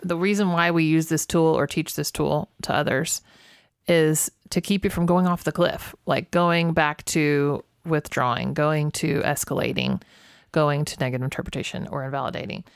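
A woman co-teaching a communication method on a podcast, calm and affirming, often agreeing with her co-host. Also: low voice, moderate pace, no echo, studio quality. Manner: calm, affirming, many mm-hmms.

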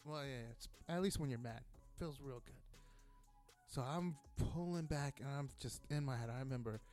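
A young man tells a story in a loose, rambling way, with lots of swearing and acted-out quotes. His voice sits at an ordinary middle pitch. Faint music plays behind him. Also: normal speed. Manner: profane, rambling, animated retelling with quoted dialogue. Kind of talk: casual storytelling.

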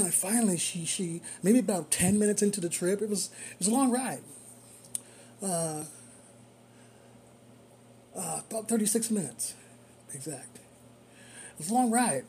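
A man who works as a rideshare driver, telling a story in a casual, animated way and chuckling often. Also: sits high, slight background noise.

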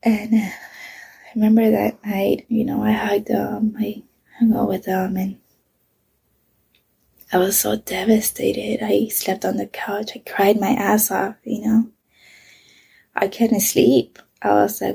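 Gravelly, husky mother telling a raw story. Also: medium pitch, level tone, slow, pauses often, warm tone. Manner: candid, swearing, drops into whispers. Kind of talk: emotional personal storytelling.

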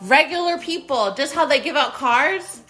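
A woman's voice: high-pitched, lively intonation, moderate pace, sharp tone, faint music behind. A woman in her thirties hosting a casual solo podcast from a spare bedroom at home. She talks straight to her listeners and repeats her phrases. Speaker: podcast host.

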